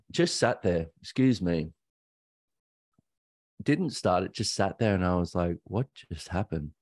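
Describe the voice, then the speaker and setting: A man with an Australian accent hosting a podcast, telling a personal story in a candid, halting way that often stops to correct himself. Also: deep voice, big pitch swings, dry recording, clean studio sound. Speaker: podcast host.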